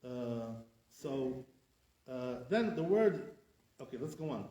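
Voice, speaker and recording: A man's voice: mid-range voice, lively intonation, takes it slowly, mellow. A man teaching as a rabbi, correcting pronunciation and drilling words with rhetorical questions. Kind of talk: classroom lesson. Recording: echoey room sound.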